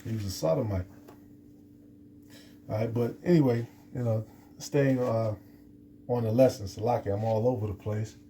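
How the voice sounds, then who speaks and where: A man's voice: on the low side, normal speed, pauses often, dark tone, slight background noise. A man giving an unscripted scripture lesson, rambling with many restarts and fillers. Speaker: scripture teacher.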